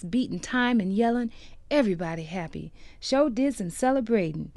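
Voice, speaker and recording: Female reader, high and very lively, animated dialect telling, dry close sound. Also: normal speed, vocal fry, no room sound. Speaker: reader of a former slave's account. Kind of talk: dramatic first-person reading.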